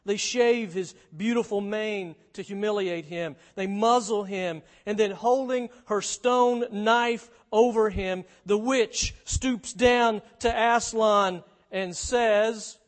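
A man preaching, retelling a storybook to his listeners, moving between lively and hushed delivery. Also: high voice, takes it slowly, few pauses. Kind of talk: sermon with storybook reading.

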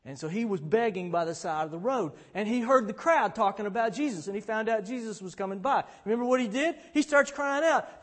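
A man with a high voice preaches in a casual, talk-like manner. His voice rings with a long reverb, as in a large hall. Now and then he rises to a shout as he retells a story. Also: animated, fast talker, hardly any pauses. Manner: conversational preaching, bursts into shouts when retelling scenes. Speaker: pastor. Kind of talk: sermon.

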